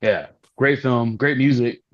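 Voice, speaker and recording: A man's voice: medium pitch, unhurried, no room sound, highs cut off. A man co-hosting a podcast in casual chat, easygoing and slangy, reminiscing.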